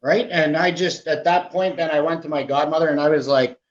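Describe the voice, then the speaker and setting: A man from Canada, a podcast guest, candidly telling his own story in an animated way, often asking "right?" as he goes. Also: a little high, moderate pace, few pauses. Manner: animated, with frequent "right?" asides. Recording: muffled lo-fi audio.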